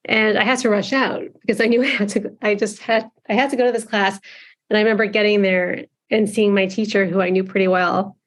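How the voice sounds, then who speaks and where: A woman's voice: mid-range voice, steady tone, fairly quick. A woman film director talking earnestly and reflectively as a guest in an interview. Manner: earnest, reflective, with some restarts. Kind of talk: casual interview conversation.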